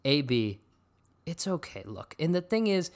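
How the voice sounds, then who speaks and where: A man's voice: on the high side, sing-song, measured pace, darkish tone. A young man hosting a podcast, ranting about football in a profane, sarcastic, casual way. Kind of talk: casual sports rant.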